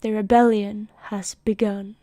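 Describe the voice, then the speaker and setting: A woman's voice: medium pitch, flat delivery, a little slow, warm tone, dry recording, lightly acted. A woman voicing a grim, resolute male rebel leader.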